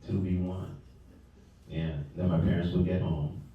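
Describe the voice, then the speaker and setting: A man's voice: low-pitched, flat delivery, a little slow. A young man doing stand-up, conversational and fond of repeating his punchlines, heard in a comedy club from a distance. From Nigeria. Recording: distant, echoey dull club recording.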